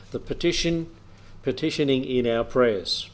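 A man's voice: medium pitch, animated, unhurried. A man preaching a Bible teaching in an easy, conversational way, reading scripture aloud and chuckling now and then.

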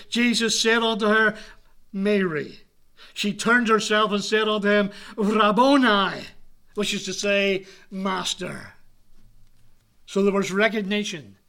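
Slow, earnest male preacher with a high voice, leans into soft near-whispered moments. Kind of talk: sermon.

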